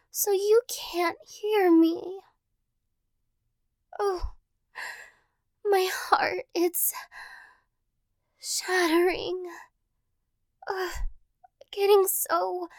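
A high, unhurried voice of a teasing girlfriend, played by a young woman. She is clingy and playfully dramatic, with a slight vocal fry, close to the mic in a dry, quiet room. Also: no echo, exaggerated voice. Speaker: role-play performer. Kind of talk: girlfriend role-play audio.

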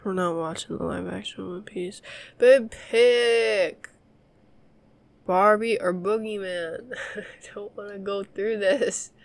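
A woman's voice: medium pitch, fairly even intonation, unhurried, vocal fry. A young woman in a casual girlfriend role-play, rambling to her partner with frequent laughs and swearing.

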